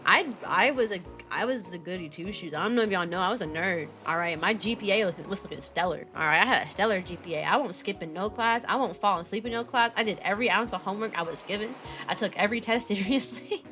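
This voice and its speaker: A young woman chatting casually on a livestream, bubbly and animated, laughing often as she reads viewer messages aloud. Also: mid-range voice, quick pace, hardly any pauses, soft background music. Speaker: VTuber streamer and kindergarten teacher.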